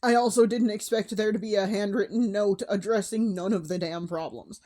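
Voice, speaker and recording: A woman's voice: mid-range voice, fairly even intonation, normal speed, warm tone. A young adult woman talking candidly in a personal vlog, emotional, with sighs and restarts. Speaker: vlogger.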